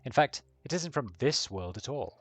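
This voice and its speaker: A man's voice: medium pitch, expressive, normal speed, no echo, natural voice. A man voicing a flamboyant painted elf who lectures in a breezy, wry way.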